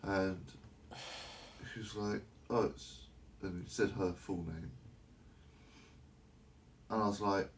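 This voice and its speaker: A man with a lowish voice tells a story from his living room sofa. He is animated, jumping into the voices of the people he quotes, and a faint hum sits under him. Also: slow, long pauses. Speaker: vlogger. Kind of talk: casual anecdote telling.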